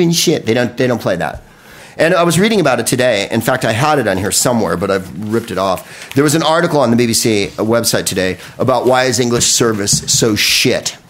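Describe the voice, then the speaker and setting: American comedian guy ranting on a podcast, lots of swearing, voice all over the place. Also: medium pitch. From United States. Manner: animated, profane, riffing with impressions.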